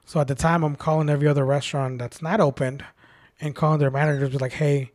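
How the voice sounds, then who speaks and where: A man's voice: a little high, little pitch movement, fast talker, darkish tone. A man telling a long bar story in casual chat, rambling and laughing, swearing freely. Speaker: podcast guest, bartender.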